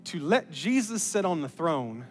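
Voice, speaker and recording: A man preaching a sermon as pastor, animated and building to emphatic peaks. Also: fairly high pitch, unhurried. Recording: reverberant hall with music underneath.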